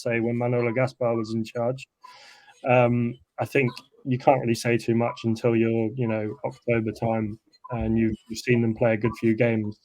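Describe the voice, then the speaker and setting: Flat-voiced man on a football podcast. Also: mid-range voice, no room sound, poor audio. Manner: measured, cautious opinions. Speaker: podcast co-host. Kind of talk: casual football podcast chat.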